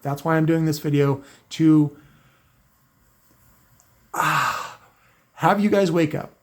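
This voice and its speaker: A man ranting to his viewers in an unscripted, rambling way, sarcastic and full of restarts. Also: on the high side. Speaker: car audio video maker. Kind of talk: unscripted rant to camera.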